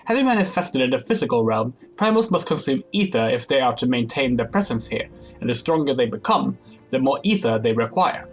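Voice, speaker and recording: A man's voice: mid-range voice, sing-song, a little fast, slightly rough, soft background music. A man reading aloud the formal lines of a composed woman leader in a game. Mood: explaining.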